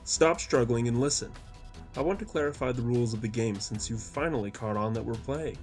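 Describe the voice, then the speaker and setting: A man voicing a cold, taunting male villain who speaks with calm menace. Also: mid-range voice, fairly quick, faint music behind, close to an everyday voice. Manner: cool, mocking menace.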